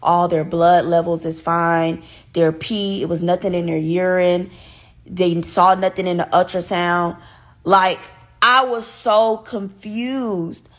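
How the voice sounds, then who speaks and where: A woman's voice: lowish voice, fairly even intonation, takes it slowly. A woman telling viewers a personal story in casual storytime chat. She talks candidly, swears freely and addresses the audience directly.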